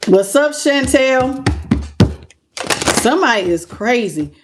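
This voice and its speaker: Animated woman giving a tarot reading. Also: sits high, takes it slowly, music in the background. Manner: animated, conversational, greets viewers. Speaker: tarot reader. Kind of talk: live tarot reading stream.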